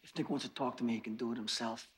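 A man's voice: medium pitch, steady tone, racing, lightly acted. An actor playing a surly young male rock singer in a TV drama clip, talking in a curt, dismissive way.

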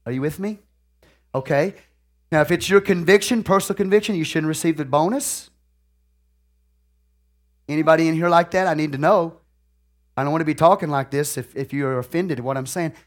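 A man preaches in a fairly high voice, telling folksy stories to his congregation. He swings between loud, excited bursts and quiet, confiding asides, and keeps asking the room if they follow him. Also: fairly quick, long pauses. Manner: animated storytelling with big swings in loudness and sudden outbursts; folksy and conversational, often checking in with the audience. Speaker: pastor.

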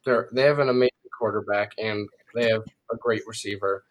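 A man's voice: fairly low pitch, fairly even intonation, a little fast, dull audio. A man co-hosting a casual football preview, loose and easily surprised, laughing often. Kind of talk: casual sports chat.

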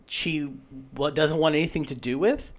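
A man's voice: fairly high pitch, moderate pace. A man fighting a head cold, co-hosting a casual movie review podcast in a rambling, jokey way and swearing now and then. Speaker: podcast co-host.

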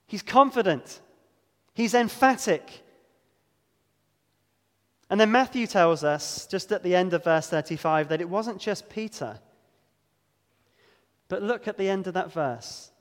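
A man preaching a sermon, earnest and emphatic, slowing down to stress key words. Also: high voice, lively intonation, long reverb tail.

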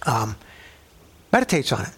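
A man's voice: mid-range voice, big pitch swings, moderate pace, a bit bright, breathy edge. A middle-aged male pastor teaching a sermon in a conversational way, telling personal stories and using a coffee cup as a prop.

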